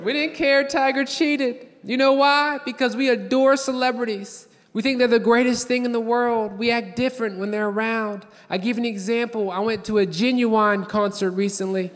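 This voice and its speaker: A man's voice: extremely high pitch, steady tone, moderate pace, hardly any pauses. A man doing a stand-up comedy set on a theater stage, telling brash, profane stories and acting out what people said. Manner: brash, profane storytelling with acted-out quotes. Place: large theater stage before a live audience. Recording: live theater with long reverb. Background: audience laughter.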